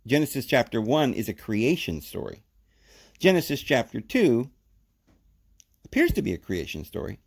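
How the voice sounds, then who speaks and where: A man teaches the Bible on a podcast, animated and emphatic, speaking in short phrases with sudden pitch jumps. His voice is slightly rough.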